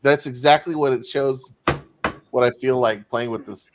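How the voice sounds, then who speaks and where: A man player at a streamed tabletop game, cracking wry jokes with the others. His voice is ordinary in pitch, with a faint hiss behind it. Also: normal speed. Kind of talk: casual chat at a tabletop game.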